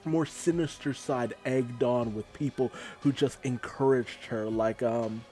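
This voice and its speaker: A man giving a casual manga chapter recap in a loose, animated way, laughing and swearing. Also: medium pitch, unhurried, soft background music. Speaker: manga reviewer.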